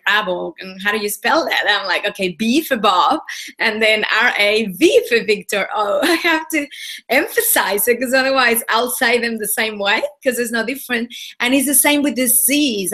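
A woman's voice: on the high side, normal speed. A woman from Mexico with a Spanish accent, telling her story earnestly as an interview guest on a video call, with many "you know"s. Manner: animated, earnest storytelling with frequent fillers. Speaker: women's leadership coach.

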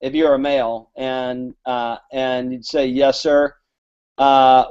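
A man's voice: medium pitch, level tone, slow, a little mellow, clean tone. A man from Alabama, a guest author telling rambling, chatty stories in an interview and acting out the dialogue he quotes. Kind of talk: casual storytelling interview. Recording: dull lo-fi audio.

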